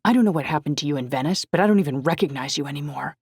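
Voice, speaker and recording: A woman's voice: low voice, lively intonation, very fast, darkish tone, husky, no echo, full character voice. Brief: woman narrator as an angry teen boy, hissing, near her own register, dry. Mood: hostile. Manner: hissing, seething. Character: angry teenage boy, hostile sibling.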